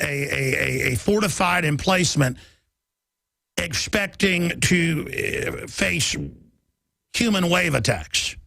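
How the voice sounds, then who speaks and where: Middle-aged male radio host, raspy edge, fast fiery monologue, dry studio mic. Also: a little high, fairly bright tone, no room sound. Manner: heated, rapid, ranting delivery. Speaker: radio talk show host. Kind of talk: political talk radio monologue.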